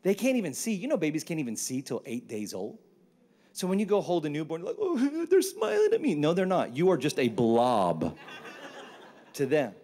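A man, preaching a sermon with animated, humorous storytelling. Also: fairly high pitch, moderate pace. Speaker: pastor.

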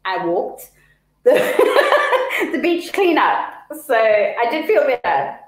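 Animated woman in an echoey room. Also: sits high, slow pace. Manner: animated, dramatic storyteller. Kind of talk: casual live-stream chat.

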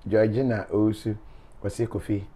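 A man's voice: on the low side, level tone, a little fast, mellow, breathy edge. A man, a show host reading viewer comments aloud in a playful, teasing way with frequent laughter.

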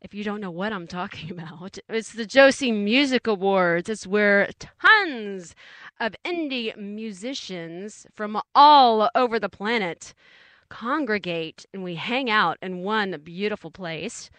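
A woman's voice: mid-range voice, animated, measured pace, a bit bright, no echo. Bubbly woman radio DJ. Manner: bubbly, chatty, playful slang. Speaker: radio show host. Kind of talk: casual radio DJ chat.

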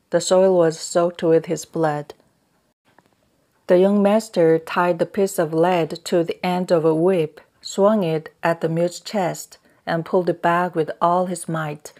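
Woman narrating an audiobook, takes her time, lowish voice. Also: darkish tone. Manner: slow, measured reading. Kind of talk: scripted narration.

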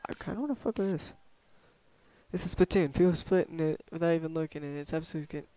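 A man's voice: fairly high pitch, fast talker, mellow. Young man casually reading game text aloud. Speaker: gamer. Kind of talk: casual let's play commentary.

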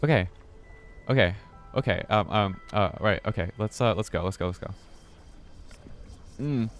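A male streamer talks through his game in a low, deep voice. He mutters to himself and swears loudly when something startles him. Soft music plays faintly underneath. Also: normal speed. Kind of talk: live gameplay commentary.

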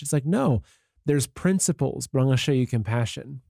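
A man hosting an interview in a relaxed, conversational way, full of "like" and "you know". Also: medium pitch, moderate pace, creaky, no echo, clean studio sound. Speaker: interview host. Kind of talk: casual interview talk.

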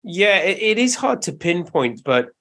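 A man's voice: high-pitched, normal speed. Joking man in casual podcast chat. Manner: joking, relaxed. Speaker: podcast co-host.

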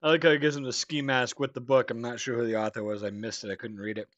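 A man's voice: mid-range voice, fairly even intonation, fast talker, a bit bright, no echo. American man, reaction host, rambling casual talk, dry dull mic sound. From United States. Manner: rambling, loose, swearing jokingly.

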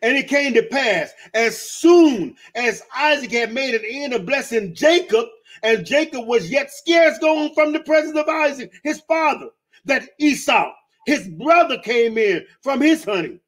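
A man with a very high voice reads scripture aloud on a radio program. He reads steadily through the passages and drops in short reactions between verses. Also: expressive, a little slow. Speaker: scripture reader on a radio show.

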